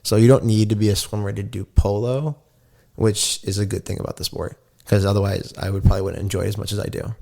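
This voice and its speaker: A man's voice: on the low side, level tone, quick pace, gravelly, dark tone. A young man, a podcast guest, chatting casually and telling rambling stories full of fillers. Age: young adult. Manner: rambling, filler-heavy storytelling. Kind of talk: casual chat.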